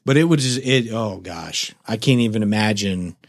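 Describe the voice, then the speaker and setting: A middle-aged man co-hosting a podcast, telling a story in casual chat, animated and swearing, acting out his own shouts. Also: on the low side, normal speed, no room sound, clean studio sound. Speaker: podcast co-host.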